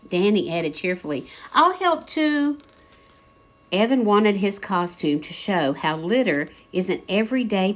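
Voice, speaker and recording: A woman reading a children's story aloud as narrator, gentle storyteller style. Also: lowish voice. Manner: gentle storyteller, character voices for quotes. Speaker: story reader. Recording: dull lo-fi audio.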